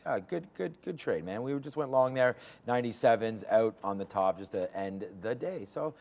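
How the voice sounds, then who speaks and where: A man's voice: mid-range voice, expressive, moderate pace, a little mellow. Laid-back man hosting a trading stream. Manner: loose and laughing, lots of fillers. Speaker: day trading show host. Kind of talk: casual live trading chat. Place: trading floor studio.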